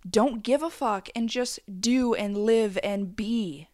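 A woman's voice: a little high, slow, hardly any pauses, a little mellow, no echo, studio quality. A woman in her twenties ranting bluntly with plenty of swearing, giving candid advice in a casual conversational way with frequent asides. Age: 20s. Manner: blunt, profane and emphatic. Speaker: vlogger. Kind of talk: candid advice rant to camera.

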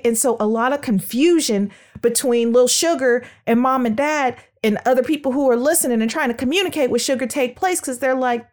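In a lively educational podcast, a woman with a somewhat high voice explains early speech development, sounding out syllables as demonstrations. She talks briskly with few pauses, addressing listeners warmly and directly as "sugars" and "world changers."

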